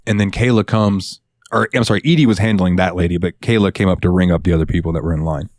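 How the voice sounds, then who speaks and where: A man co-hosting a podcast, telling a work story in an animated, profane, casual way. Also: low-pitched, fast, no room sound, studio quality. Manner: animated, profane, swings into voices. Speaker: podcast co-host.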